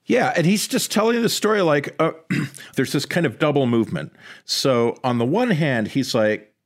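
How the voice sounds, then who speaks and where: Animated man discussing literature. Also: a little high, normal speed. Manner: animated, conversational, swears casually.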